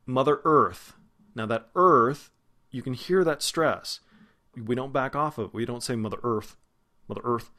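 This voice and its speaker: A man who is a vocal coach, giving a pronunciation lesson and slowly demonstrating single sounds and words. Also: medium pitch, fairly bright tone. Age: adult, past grad school.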